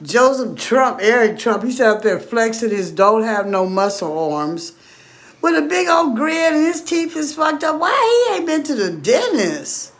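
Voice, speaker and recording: Woman, high voice, casual rambling monologue, animated, laughing, profane. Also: a little slow. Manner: animated storytelling with frequent laughter and quoted voices; blunt and profane. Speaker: storyteller.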